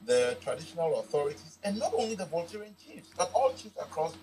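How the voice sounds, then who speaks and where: A Ghanaian man gives forceful political commentary as a guest. He is emphatic and rhetorical, stacking repeated phrases. His voice is fairly high and lively. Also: fast, faint music behind, poor audio. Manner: emphatic, rhetorical, uses repetition.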